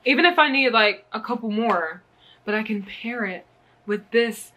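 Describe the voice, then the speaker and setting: A woman's voice: on the high side, normal speed, sharp tone. A young woman from the US chatting casually in a knitting vlog, bubbly and gushing, often giggling. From United States. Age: young adult. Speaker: knitting vlogger. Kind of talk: casual yarn haul chat.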